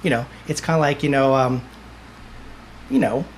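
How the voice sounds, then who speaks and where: A man's voice: mid-range voice, moderate pace, gravelly, slight background noise. A man, a medium, chatting as a podcast guest and telling stories with acted-out dialogue. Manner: lively storyteller, acts out dialogue. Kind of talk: casual interview chat.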